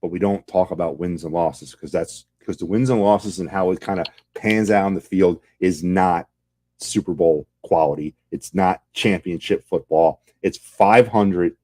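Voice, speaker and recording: A man's voice: deep voice, normal speed, warm tone. A man hosting a sports podcast, delivering a heated, sarcastic fan rant full of rhetorical questions.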